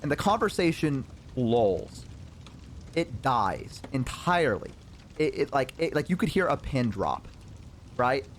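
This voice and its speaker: A man's voice: medium pitch, unhurried, a little hiss or hum. A man streaming as a VTuber, telling a personal story in a casual, rambling way, swearing often. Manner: animated, profane, rambling with fillers.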